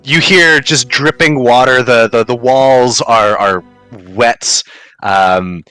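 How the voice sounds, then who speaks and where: A man narrating a tabletop game as game master, halting, with many ums and restarts. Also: medium pitch, bright, forceful tone, smooth, faint music behind, rough recording.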